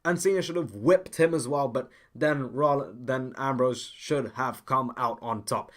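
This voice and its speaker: A man's voice: mid-range voice, measured pace, a bit bright. A young man hosts a podcast and rants through his opinions in a blunt, unpolished way. He often cuts himself off and restarts mid-sentence. He keeps returning to the same complaints with heated insistence. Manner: blunt and ranting, with frequent restarts. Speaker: podcast host. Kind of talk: opinionated wrestling podcast commentary.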